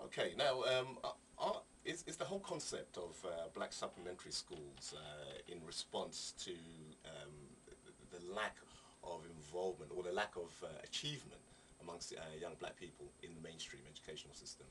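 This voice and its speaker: A man's voice: sits low, lively intonation, moderate pace, few pauses, fairly bright tone. A male interviewer who asks long, hesitant questions full of ums and restarts. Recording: distant mic with faint ambient noise.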